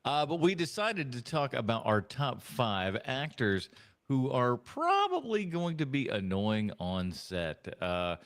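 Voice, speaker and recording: A man's voice: mid-range voice, very animated, slow, fairly bright tone. A man hosting a movie podcast, joking and rambling in casual chat. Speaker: podcast host.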